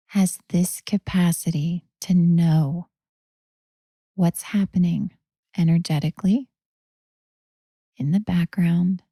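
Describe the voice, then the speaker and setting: A woman hosting a spiritual talk, telling a guided story slowly and often dropping into a whisper. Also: lowish voice, mellow, breathy edge, no echo, clean studio sound. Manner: slow, drifting into whispers. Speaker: host.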